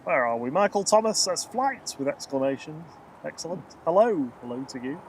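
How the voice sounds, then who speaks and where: Upbeat male stream host, fairly high voice, outdoors by an airport, faint noise behind. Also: animated, a little fast. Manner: upbeat, greets chat viewers by name. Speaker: livestream host. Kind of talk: live plane spotting stream chat.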